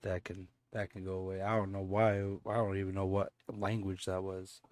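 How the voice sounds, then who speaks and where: A man's voice: sits low, little pitch movement, normal speed, a little mellow, dry recording. A laid-back man hosting a casual reaction video, often repeating himself and chuckling. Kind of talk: casual chat.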